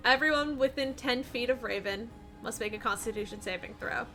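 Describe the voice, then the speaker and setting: Bright high-voiced woman game master. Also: brisk, soft background music. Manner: animated, loose narration with many fillers. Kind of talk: narrating a tabletop game. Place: home streaming setup. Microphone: streaming mic.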